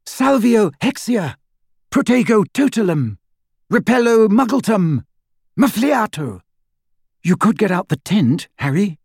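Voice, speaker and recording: A man voicing a clever, bossy teenage witch girl with a brisk, precise way of speaking, in a storybook reading. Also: high voice, big pitch swings, creaky, a little mellow, breathy edge, no room sound, studio quality, voice pushed up, full character voice. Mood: incanting.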